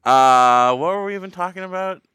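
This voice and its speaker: A man hosting a casual sports podcast, ranting with big leaps in pitch. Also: lively intonation, fairly quick, pushed and bright, clean tone, no room sound, clean studio sound. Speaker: podcast host. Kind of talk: casual chat.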